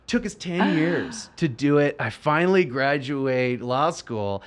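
A middle-aged man telling stories as a podcast guest. He is excitable, laughs often, swears freely and acts out dialogue. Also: medium pitch, a little slow. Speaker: podcast guest, filmmaker and lawyer. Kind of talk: animated storytelling in casual chat.

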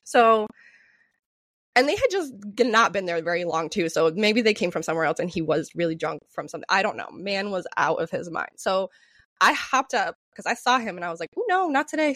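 Lively, swearing woman telling a story. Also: fairly low pitch, brisk, no room sound, clean studio sound. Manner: animated, swears freely, laughs often. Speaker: podcast co-host. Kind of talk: casual storytelling chat.

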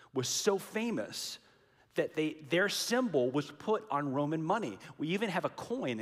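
A man's voice: a little high, fairly bright tone. A man preaching a sermon in a dramatic, emphatic way, repeating key lines for weight. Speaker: pastor. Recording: long hall reverb.

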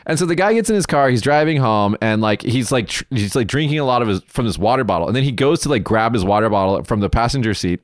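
A man from the United States telling a story in a casual chat, animated, profane and rambling. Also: mid-range voice, quick pace, hardly any pauses, dry recording, studio quality.

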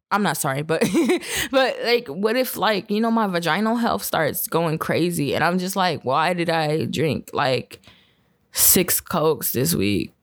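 A woman's voice: on the low side, vocal fry, no room sound, clean studio sound. A young woman hosting a casual solo podcast, rambling, swearing freely and laughing often as she talks. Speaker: podcast host.

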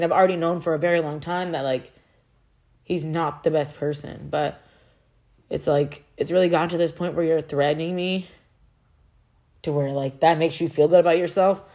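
A woman's voice: deep voice, dark tone. A young woman venting in a personal vlog, heated and frustrated, swearing often and rambling with restarts. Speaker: vlogger.

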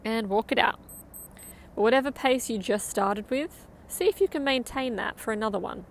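A woman's voice: fairly high pitch, moderate pace, vocal fry, slight background noise. A woman coaching a guided interval run outdoors, upbeat and encouraging as she counts down. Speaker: running coach.

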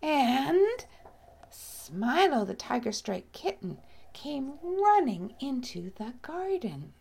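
Woman storyteller, bedtime-book reading, gentle and expressive, very unhurried. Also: high-pitched, gravelly, noisy background. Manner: gentle, expressive, often drops to a whisper.

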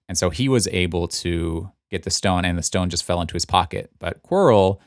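Very deep-voiced man explaining on a podcast. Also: expressive, moderate pace, few pauses, no room sound, clean studio sound. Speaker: podcast host, book fan. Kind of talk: casual podcast chat.

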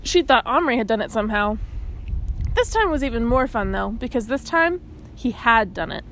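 A woman reading a children's novel aloud in steady scripted narration. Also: on the high side, moderate pace, a little hiss or hum, rough recording. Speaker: audiobook reader.

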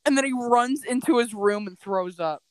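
A woman's voice: fairly high pitch, normal speed, no echo. A young woman chatting on a casual podcast, telling rambling stories full of restarts and quoted voices. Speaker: podcast co-host. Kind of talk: casual chat.

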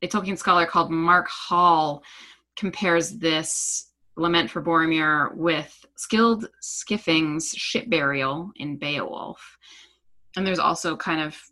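A woman co-hosting a podcast, explaining in a steady, lecturing way with occasional "um"s. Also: deep voice, slow. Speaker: podcast co-host. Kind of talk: explanatory casual chat.

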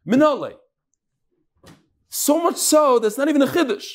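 A high-voiced man leads a Talmud class with a voice that swoops up and down. He teaches by firing rhetorical questions at his students and often breaks off and restarts his sentences. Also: moderate pace. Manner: animated, fires rhetorical questions, frequent restarts.

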